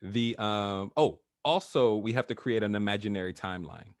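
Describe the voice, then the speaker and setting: A man's voice: on the low side, normal speed, no echo, clean studio sound. A man working as a coach who talks in a casual, chatty way, with filler words and frequent laughs, over a video call. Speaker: NLP trainer, guest.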